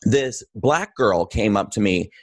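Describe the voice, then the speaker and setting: A man guest in a casual conversation, telling an anecdote with lively acted-out quotes and fillers. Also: fairly low pitch, a little slow, no echo. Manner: animated storyteller, acts out quoted lines.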